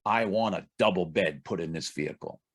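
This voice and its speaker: A man's voice: low voice, a little fast, breathy edge, pitched below the performer's own voice. A man voicing a rich, competitive man in a luxury car, sounding proud and a bit stiff.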